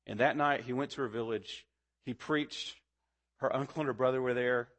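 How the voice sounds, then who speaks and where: A man's voice: medium pitch, moderate pace, fairly bright tone. A man preaching a sermon as pastor, earnest and building to fervent emphasis.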